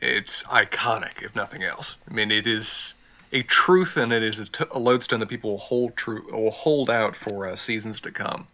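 Bright-voiced man, casual podcast chat. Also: lowish voice, normal speed. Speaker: podcast co-host.

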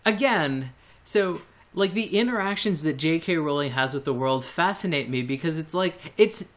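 With a fairly high, animated voice at normal speed, this podcast co-host rambles hesitantly through casual chat. He keeps stopping to restart and leans on lots of fillers.

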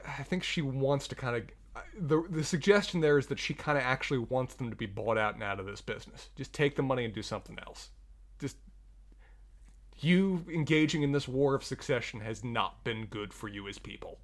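A man co-hosting a casual TV recap podcast, talking in an analytical, measured way with the odd curse. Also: mid-range voice. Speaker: podcast co-host.

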